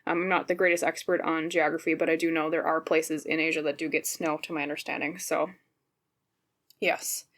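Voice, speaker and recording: A woman's voice: low voice, little pitch movement, a little fast, fairly bright tone. A woman with a Minnesotan accent giving a casual, rambling pick-a-card tarot reading, often checking in with the viewer. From Minnesota, United States. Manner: chatty, rambling, often checks in with "okay?" and "right?". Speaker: tarot reader, channel host.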